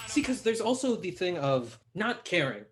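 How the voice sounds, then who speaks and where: A young man chatting as a podcast guest, animated and laughing, acting out quotes as he tells stories. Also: sits high, normal speed, faint music behind. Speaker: podcast guest, hip hop artist. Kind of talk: casual conversation.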